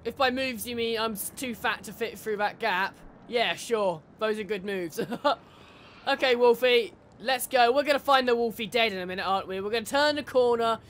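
A gamer jokes, swears and laughs often while chatting through a horror game in casual let's-play commentary. The voice is middling in pitch, a bit bright and at normal speed, with faint game noise underneath.

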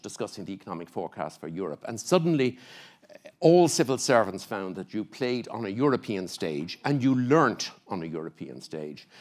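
Older Irish male panel guest in his 70s, lowish voice, halting delivery with stammered restarts. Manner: hesitant, restarts with stammered words. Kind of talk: panel discussion. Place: festival talk stage.

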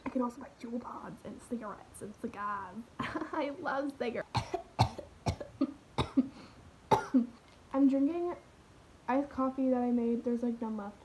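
A woman's voice: a little high, moderate pace, a little mellow, a little hiss or hum, rough recording. A teenage girl rambling through a parody vlog in her bedroom, full of fillers and drifting into whispers. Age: teens. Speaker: vlogger.

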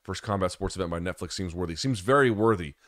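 A man's voice: low-pitched, fast talker, a bit bright, dry recording, clean studio sound. A male host in a casual live-stream chat, answering viewer questions in a candid, loose way and swearing freely.

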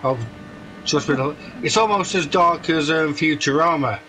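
A man's voice: fairly high pitch, a little slow, bright, forceful tone, a little hiss or hum, poor audio. A man chatting while gaming with friends, jokey and chatty, swearing freely. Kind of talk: casual gaming chat.

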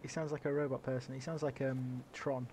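A man's voice: mid-range voice, flat delivery, brisk, mellow, a little hiss or hum. A man joking and chatting with teammates over voice chat during a multiplayer game. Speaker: player and channel host. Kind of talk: casual voice chat while gaming.

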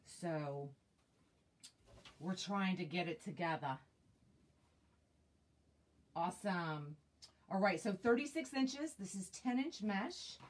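A woman's voice: lowish voice, lively intonation, slow, pauses often. A woman hosting a live wreath-making demonstration, chatting with viewers and thinking aloud with fillers, recorded on a tablet. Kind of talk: casual live craft demonstration. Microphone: tablet mic.

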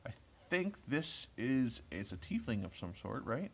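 A man's voice: mid-range voice, very animated, unhurried, vocal fry, slightly rough. A man in his thirties casually rambling as he opens trading cards, chatty and enthusiastic, with lots of asides and fillers. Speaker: card collector opening packs. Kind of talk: casual rambling commentary while opening cards.

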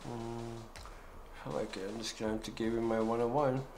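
A man's voice: mid-range voice, flat delivery, moderate pace, noisy background. A man giving casual let's-play commentary, joking and talking back to the characters in the game. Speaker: gaming YouTuber.

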